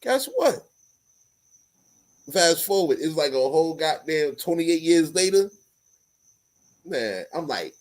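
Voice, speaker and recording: A man's voice: a little high, very animated, takes it slowly, long pauses, darkish tone, rough recording. A man in his forties with a New York accent, talking in a loose, profane casual chat full of street slang.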